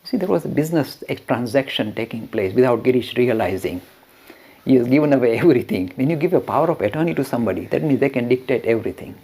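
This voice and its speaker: Male lecturer, husky, animated storyteller, laughs between lines. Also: mid-range voice, quick pace. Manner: animated, laughs often, acts out quoted speech.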